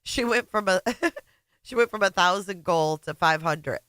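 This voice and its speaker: A woman co-hosting a casual livestream, teasing the host and quick to laugh. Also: on the low side, a bit bright, no room sound, clean studio sound.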